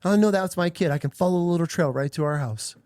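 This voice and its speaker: A man's voice: a little high, fast talker, darkish tone, no echo, clean studio sound. Profane, emotional man hosting a podcast. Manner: emotional, profane, rambling storytelling. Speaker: podcast host. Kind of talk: candid personal podcast talk.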